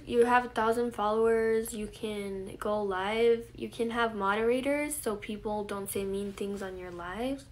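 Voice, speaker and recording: A 21-year-old woman hosting a casual live stream, reading viewer comments aloud and answering them in a relaxed way. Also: medium pitch. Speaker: livestream host. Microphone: phone camera.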